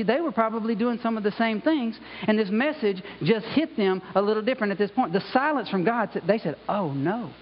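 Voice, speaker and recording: A man delivers a conversational sermon, sprinkling in "you know" and "okay" as he goes. His voice sits high for a man. The recording sounds dull and carries a long reverb from the church sanctuary. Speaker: pastor.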